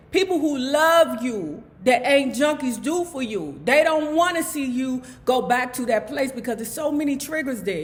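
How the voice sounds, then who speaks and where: A woman with a Southern US accent hosting a book club, reading a memoir aloud and breaking into loud, animated, casual commentary. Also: sits high. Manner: switches between soft reading and loud animated asides.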